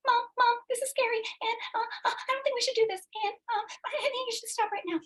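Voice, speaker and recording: A woman's voice: very high voice, steady tone, fast talker, fairly bright tone, far from the mic, voice pushed up. A woman voicing a fearful little girl who clings to her mother and pleads with her, hesitant and stammering. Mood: pleading, worried.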